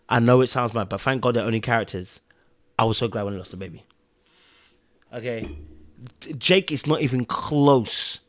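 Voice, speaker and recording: A man talks casually through a TV episode recap. He is animated and keeps repeating lines for emphasis, in a mid-range voice. The sound is close and dry. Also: mid-range voice, dry recording. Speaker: TV recap podcast host.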